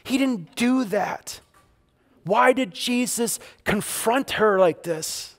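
High-pitched guy preaching at church, chatty but punchy, keeps repeating lines for emphasis. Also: expressive, slow pace. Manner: conversational preaching with emphatic repetition. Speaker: pastor. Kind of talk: sermon. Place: church service.

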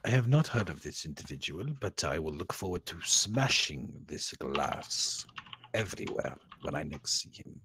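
A man's voice: a bass voice, lively intonation, moderate pace, noisy background, pitched below the performer's own voice. A man voicing a brash male adventurer who speaks in stiff, formal phrases. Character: brash male adventurer keen to smash foes.

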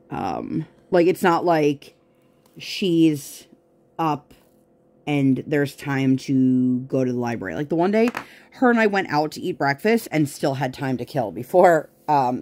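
A woman's voice: low voice, dark tone. A woman vlogger chatting casually while she works on a craft project at home, rambling through tangents with plenty of fillers.

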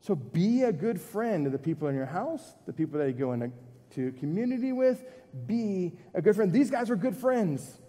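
Guy preaching in a big reverby church, high voice but mellow tone, chatty, keeps asking the crowd stuff. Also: very animated, normal speed. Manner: conversational, asks the congregation questions and repeats points. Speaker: pastor. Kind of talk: sermon. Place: church sanctuary with congregation.

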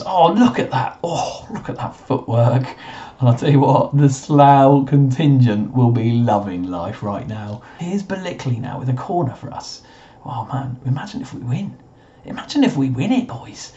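A young man with a slightly croaky voice, casually commentating a football management game he is playing, swinging between mutters and excited cheers. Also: medium pitch, muffled recording. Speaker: gaming commentator. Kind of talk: casual let's-play commentary.

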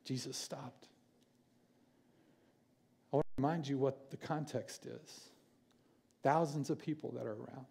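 A man preaching a sermon in church, earnest and pausing for effect. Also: mid-range voice, fairly even intonation, vocal fry, breathy edge. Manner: earnest, with dramatic pauses and quieter passages. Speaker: pastor.

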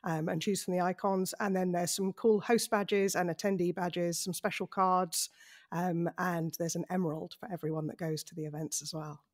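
A woman who organizes events, a guest on a podcast, explaining things in a relaxed, matter-of-fact way with frequent ums. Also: fairly low pitch, normal speed. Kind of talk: casual podcast chat.

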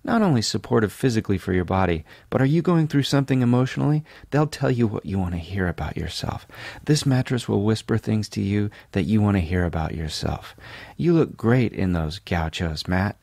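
A man from California, a podcast host, reads a sponsor ad in a sleepy, deadpan, self-mocking way full of asides. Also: fairly low pitch, a little fast, gravelly, dry recording. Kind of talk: jokey ad read.

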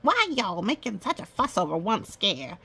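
A woman's voice: medium pitch, big pitch swings, normal speed, pushed and bright, slightly rough, heavily acted. A woman voicing a brash country chicken rancher with a folksy drawl.

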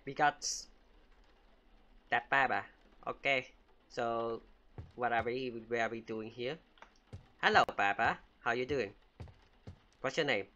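A man's voice: medium pitch, bright, forceful tone, lo-fi sound. A man hosting a let's play of a horror game, talking playfully and teasing the in-game baby as he plays. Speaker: gaming channel host.

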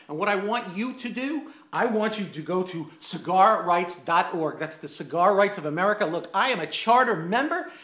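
A man telling an indignant, animated story as a rant, loudly acting out the other people's lines. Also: sits high, reverberant. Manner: loud, indignant, acts out quotes. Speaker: online ranter, cigar enthusiast.

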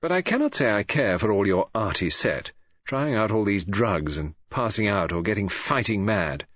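A man voicing a brisk, conventional young woman who speaks in a clipped, insistent way, in an audiobook reading. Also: fairly low pitch, lively intonation, a bit bright. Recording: dull lo-fi audio.

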